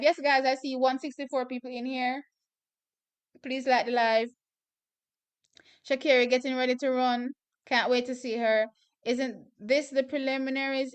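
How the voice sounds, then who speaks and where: A Jamaican woman hosting a live watch-party stream, chatting through the races and bursting into excited shouts and laughter. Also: fairly high pitch, clear, resonant tone.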